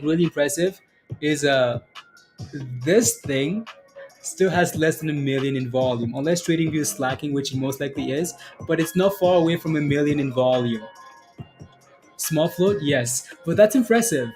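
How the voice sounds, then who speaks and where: Excitable man hosting a trading livestream. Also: on the high side. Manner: excitable, repeating prices, hyping viewers. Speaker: stock day-trading livestream host. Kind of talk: casual livestream commentary.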